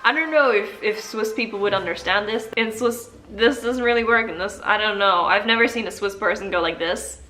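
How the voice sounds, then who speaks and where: A woman's voice: medium pitch, fairly quick, hardly any pauses, bright, forceful tone. A woman vlogger talking casually and playfully as she teaches basic phrases, often laughing. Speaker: language vlogger. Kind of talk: casual tutorial chat.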